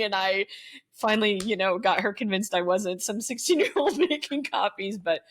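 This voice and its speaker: A woman's voice: medium pitch, moderate pace, a little hiss or hum. A middle-aged woman, a former teacher, telling school stories in casual chat with lots of laughter. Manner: animated, laughing storyteller.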